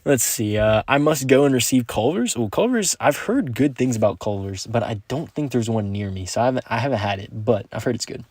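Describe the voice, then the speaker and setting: A man's voice: mid-range voice, lively intonation, a little fast, few pauses, darkish tone, dry recording. A young man streaming a mobile game, chatting casually and upbeat with his viewers while he plays and reads their messages. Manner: laid-back, upbeat, slangy, talks to chat. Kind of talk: live-stream gameplay commentary and chat reading.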